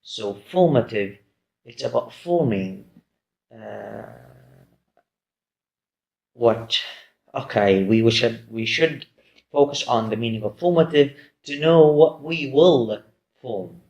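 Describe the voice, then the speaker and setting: A man's voice: medium pitch, expressive, takes it slowly, creaky, pauses often. A man giving a recorded lecture, hesitant and full of fillers and restarts. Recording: roomy echo.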